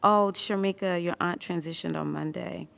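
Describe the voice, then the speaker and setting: Woman, gravelly voice, casual livestream chat, laughs a lot. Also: fairly low pitch, steady tone, normal speed. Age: adult with a son. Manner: chatty, tired, warm with viewers, laughs often. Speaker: astrology livestream host. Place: hospital room.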